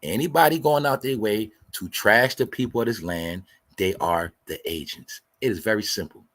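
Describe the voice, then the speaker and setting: A male host with a lowish voice gives a heated commentary rant. He swears freely and argues hard, lecturing his audience. He hammers the same points over and over. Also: normal speed, a bit bright. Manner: profane, combative, lecturing; repeats points for emphasis.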